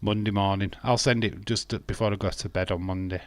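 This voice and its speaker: In a dry recording, a man from England with a lowish, fairly even voice talks briskly while hosting a live wrestling watch-along. He jokes casually and reads viewer messages out loud before answering them.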